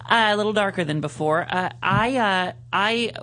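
A man hosting a live radio show in a studio, chatting in a casual, animated way and laughing often. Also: high voice, normal speed.

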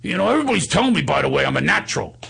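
남자가 흉내 내는 허세 가득한 시끄러운 친구. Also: male voice, on the high side, big pitch swings, vocal fry, husky, voice pushed up, full character voice. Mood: boastful. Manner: loud, rapid, stammering bravado. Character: brash, boastful male buddy, loud and pushy.

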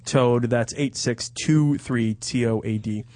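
A man's voice: medium pitch, slow, a little mellow, no room sound. A man in his thirties with a New Jersey accent, hosting a radio talk show, telling profane stories with lots of laughter. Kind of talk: crude comedic banter.

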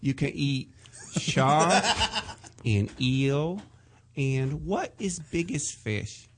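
A man's voice: a little high, lively intonation, extremely slow, a little hiss or hum, full character voice. A man doing a broken-English acupuncturist. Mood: eager. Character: Korean acupuncturist, big middle-aged man, accented.

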